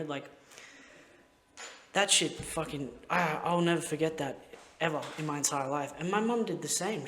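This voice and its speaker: A man's voice: a little high, a bit bright, a little hiss or hum. A young man hosting a podcast, telling rambling, heartfelt stories in casual chat and swearing constantly. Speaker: podcast host.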